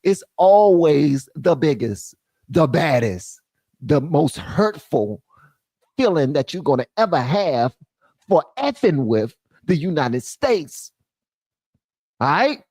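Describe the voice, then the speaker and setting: Male live-stream host, animated slangy riffing, bouncy intonation. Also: fairly high pitch, slow pace, dry recording. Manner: animated, slangy, reads quotes aloud and riffs on them. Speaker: commentary channel host. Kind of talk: live-stream news commentary.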